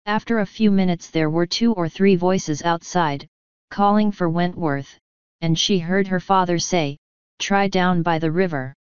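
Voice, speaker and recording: A woman reads an audiobook in a steady, even storytelling manner. Her voice is low and very smooth. The recording is dry and close, with a slightly dull tone. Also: measured pace, no room sound. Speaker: audiobook reader. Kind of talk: scripted audiobook narration.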